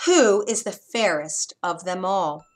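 A woman's voice: fairly low pitch, slow pace. A woman voicing a vain, furious queen who demands and screams in a storybook reading. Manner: loud, demanding, shrieking. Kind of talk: storybook narration.

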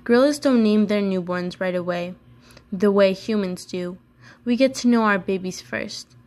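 A woman's voice: medium pitch, moderate pace, a little mellow. A woman reading a children's novel aloud casually, with chatty asides and small self-corrections. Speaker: book reader.

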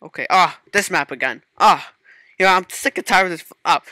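Bright-voiced jumpy gaming guy. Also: fairly high pitch, brisk, dry recording. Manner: excitable self-talk with sudden startled outbursts. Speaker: gaming channel host. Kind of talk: casual gameplay commentary.

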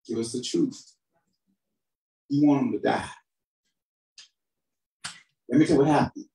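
A man preaching a sermon as pastor, calling for responses from the congregation and swinging between shouted emphasis and quiet, low asides. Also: unhurried, creaky. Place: church hall. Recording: roomy hall sound from a distant mic.

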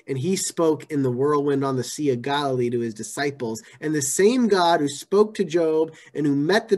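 A man preaching a sermon in a conversational way, repeating phrases and moving between hushed and emphatic delivery. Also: on the high side. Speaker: pastor.

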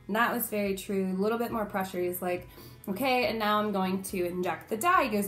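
A young woman vlogger telling a personal story in a casual, animated way, acting out the quotes as she goes. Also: medium pitch, fairly quick, faint music behind.

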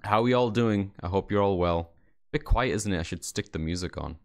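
A man's voice: low voice, fairly quick. A man streaming a game, chatting casually with viewers in a rambling, jokey, self-deprecating way. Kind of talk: casual livestream chat.

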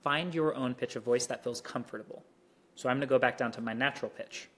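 Guy teaching mandarin tones, mid pitch, clear and direct, slow drawn-out drills. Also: a bit bright. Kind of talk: instructional explanation and drills.

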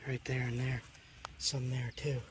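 A man hunting for flint outdoors along a creek, talking casually and excitedly to his camera and laughing often. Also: mid-range voice, a little slow. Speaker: flint knapping vlogger. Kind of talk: casual outdoor vlog narration. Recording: noisy outdoor recording.

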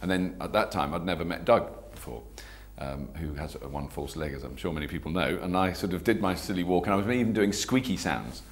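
A man with a low voice tells anecdotes quickly and chattily. He pokes fun at himself and talks in an easy interview style. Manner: chatty, self-mocking, laughs while telling stories. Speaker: actor being interviewed.

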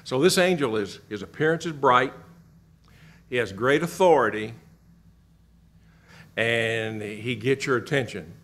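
Middle-aged guy running a church bible class, quizzes the room, repeats answers back with punch, pitch kinda middle. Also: unhurried, pauses often. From Kentucky. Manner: asks the class questions and repeats answers, animated emphasis.

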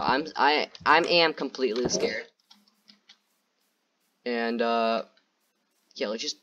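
A man's voice: mid-range voice, a bit bright, muffled recording, a little hiss or hum. A man doing gameplay commentary who rambles nervously, repeats himself and keeps talking to his viewers. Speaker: gaming YouTuber.

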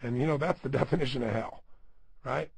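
Motivational speaker, man, middle-aged: husky, gravelly, emphatic, peppers the listener with questions. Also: medium pitch, fairly quick, no room sound. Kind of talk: self-help audio program talk.

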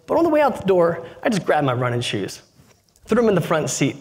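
A man's voice: fairly high pitch, huge pitch swings, brisk, darkish tone. A man giving a keynote talk, telling a personal story and acting out the dialogue in it. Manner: conversational, acts out dialogue in anecdotes. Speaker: keynote speaker.

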